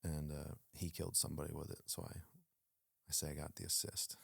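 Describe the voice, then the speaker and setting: Very deep-voiced guy telling army stories, chatty, lots of ums, does the other guys' lines, dry close mic. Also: normal speed, vocal fry, slightly rough, no room sound. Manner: animated, acts out quoted dialogue, frequent fillers. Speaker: guest, former Navy SEAL. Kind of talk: casual storytelling in an interview.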